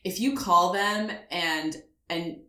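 Lower-voiced chatty woman, roomy sound. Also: takes it slowly. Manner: animated storyteller, laughs often. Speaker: podcast co-host. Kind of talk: casual chat.

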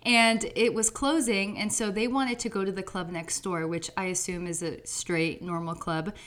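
A young woman co-hosting a podcast, telling animated stories in casual chat and acting out quotes. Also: normal speed. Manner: animated storytelling, acts out quotes in a high voice. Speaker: podcast co-host.

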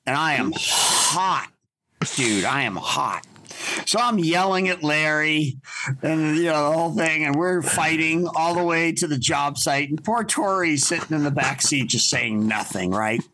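A man telling stories in a casual chat as a podcast guest, animated, laughing often and swearing casually. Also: fairly high pitch, unhurried, slight background noise. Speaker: podcast guest, business owner.

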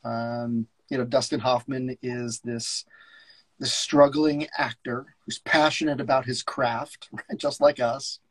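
A man co-hosting a podcast in casual chat, enthusiastic and a little halting. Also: medium pitch, little pitch movement, low-quality recording. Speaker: podcast co-host.

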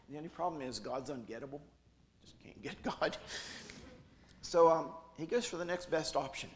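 Preacher guy at a teen retreat, cracks jokes, kinda high voice, loud then quiet. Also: moderate pace, long pauses. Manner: jokey, animated, with big swings in loudness. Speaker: retreat speaker. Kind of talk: humorous youth sermon.

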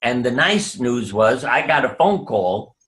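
A man's voice: mid-range voice, very animated, a bit bright. An older man, a doctor, telling anecdotes in an interview over a video call. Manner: anecdotal, unhurried, drops voice for quoted lines. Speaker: guest, doctor. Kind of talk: storytelling interview.

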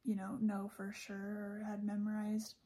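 A woman's voice: medium pitch, monotone, measured pace, warm tone. A woman hosting a podcast, talking casually about a religious speech, chatty, with frequent laughs and fillers. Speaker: podcast host.

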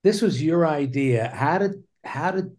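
Man asking halting questions. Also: on the high side, animated, darkish tone, slight background noise. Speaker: podcast host. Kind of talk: interview questions.

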